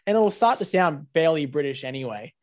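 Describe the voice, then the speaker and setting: A man's voice: a little high, expressive, fairly quick. An Australian man co-hosting a podcast, chatting bluntly and swearing freely. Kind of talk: casual chat.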